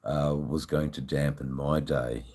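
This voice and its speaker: A man's voice: very deep voice, fairly even intonation, takes it slowly, warm tone. An Australian man hosting a casual live stream, rambling and swearing freely as he chats with his viewers. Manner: rambling, swears freely, many "you know"s.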